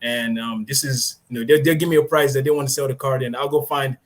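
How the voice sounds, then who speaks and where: A young man from Nigeria in his twenties is a guest in an interview. He talks in a casual, halting way with lots of fillers and breaks into laughter easily. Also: mid-range voice, steady tone. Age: 20s. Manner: hesitant, many fillers, laughs easily, deliberately adjusted way of speaking.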